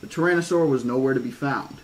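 A man with a middle-range voice narrating a novel aloud in a measured, horror-flavoured manner. Now and then he drops the narration for loose, casual asides. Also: mid-range voice, rough recording. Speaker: audiobook reader. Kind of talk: horror-toned novel reading.

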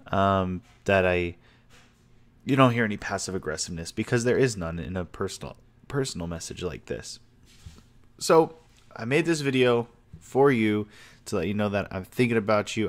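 A man's voice: on the low side, moderate pace. Rambling young man in a home office. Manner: rambling, sincere, loose and talky. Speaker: vlogger. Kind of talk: casual personal video message.

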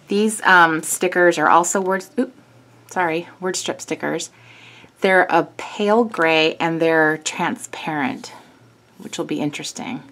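A woman's voice: low voice, fairly bright tone. A woman hosting a craft video, chatting through a kit in a gushing way with small self-corrections. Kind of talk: casual product walkthrough.

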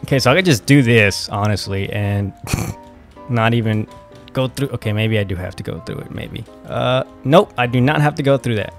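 A young man casually commenting while playing a game, flustered and excitable, often exclaiming and swearing. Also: medium pitch, moderate pace, vocal fry, soft background music. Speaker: gaming video host.

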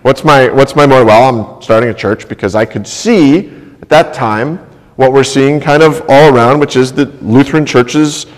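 A man's voice: mid-range voice, moderate pace. A male pastor preaching a sermon, telling a personal story in a conversational way and often checking in with "right?". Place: church sanctuary. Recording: long church reverb.

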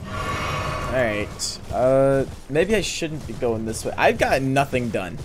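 A young man narrates his gameplay in a let's play, taking it slowly but staying excitable and talkative. He addresses the on-screen characters and breaks into high, surprised yelps, with game music playing behind him.

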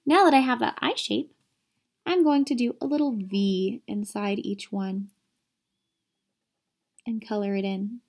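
A woman's voice: mid-range voice, measured pace, vocal fry, pauses often. A woman art teacher giving an upbeat online lesson to children, asking them questions and walking them through drawing step by step. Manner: upbeat, talks directly to kids with questions.

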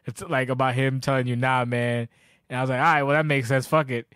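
A man's voice: medium pitch, flat delivery, a little fast, fairly bright tone, clear, resonant tone, no echo, clean studio sound. A man hosting a casual podcast, telling long profane stories with lots of restarts. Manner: profane, rambling storyteller. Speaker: podcast host.

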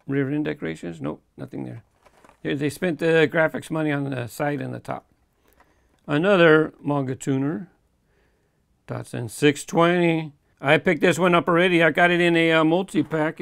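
Gravelly-voiced man chatting through an unboxing. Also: a little high, no room sound, studio quality. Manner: chatty, easygoing, chuckles between remarks. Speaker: toy car collector host. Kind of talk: casual unboxing commentary.

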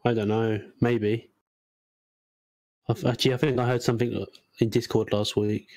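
A man with a medium-pitched voice sits in on a relaxed gaming chat. He mostly chips in with short, joking replies to the host. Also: moderate pace, no echo. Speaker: gaming show guest.

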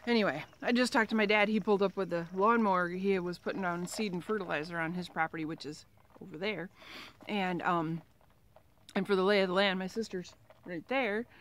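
A woman's voice: on the low side, steady tone, fairly quick, fairly bright tone. A middle-aged woman chatting casually in a home vlog, rambling with asides and fillers from her kitchen. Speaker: vlogger. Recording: home video with outdoor noise and mower.

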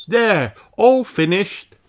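A man voicing a young boy elf who talks in a high, eager and emphatic way, for a storybook read-aloud. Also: expressive, drawn-out words, exaggerated voice. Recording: loud background noise.

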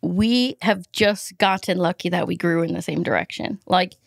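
A woman's voice: fairly low pitch, normal speed, creaky, no room sound, studio quality. A woman guesting on a podcast, chatting casually, self-deprecating and laughing often.

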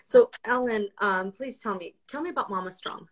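A woman hosts the interview and speaks in an encouraging, affirming way. Her voice sits at a middle pitch. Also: moderate pace, low-quality recording. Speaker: interviewer host. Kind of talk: supportive interview hosting.

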